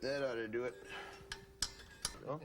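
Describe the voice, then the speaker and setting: In an unhurried, fairly even medium-pitched voice, an American man walks through a guitar setup for "folks" and "gang." Some light background noise can be heard. The lesson stays casual and folksy throughout.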